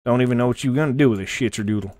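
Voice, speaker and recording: A brash country bumpkin with a broad, drawling voice, put on by a man. He rambles loud and crude, clearly a jokey caricature rather than a natural voice. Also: mid-range voice, rapid-fire, lightly acted. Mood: whiny.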